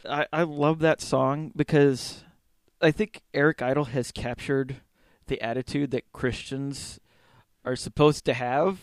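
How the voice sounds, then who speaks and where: A man co-hosting a casual chat, laughing often and acting out movie scenes in quick voices. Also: medium pitch, fairly even intonation, no echo, clean studio sound. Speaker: podcast co-host; religious studies student.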